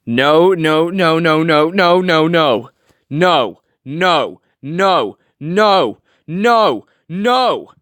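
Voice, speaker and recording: A man reading a fan story aloud with dramatic, expressive narration. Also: medium pitch, no echo, clean studio sound. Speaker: reader.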